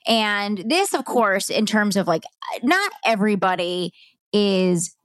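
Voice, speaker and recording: Middle-aged woman, candid podcast storyteller, mid pitch, dry close sound. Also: very animated, slow, clean tone, no echo. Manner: candid, conversational, heartfelt. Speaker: podcast host. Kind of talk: personal storytelling monologue.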